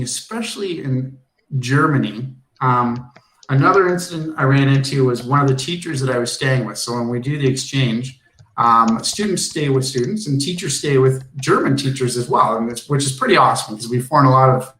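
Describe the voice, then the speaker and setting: A man's voice: mid-range voice, moderate pace, a bit bright, roomy sound, low-quality recording. A male teacher giving a classroom lesson, telling a personal story in a chatty way with frequent ums.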